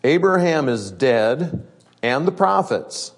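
A man's voice: fairly high pitch, very animated, takes it slowly. Man preaching and reading scripture. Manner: reads scripture aloud, then explains in plain conversational words. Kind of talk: sermon.

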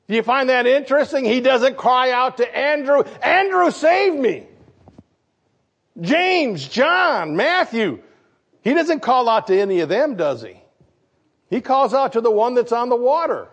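A man from Michigan, a pastor preaching a sermon, animated and putting questions to his congregation. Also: extremely high pitch. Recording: dull lo-fi recording.

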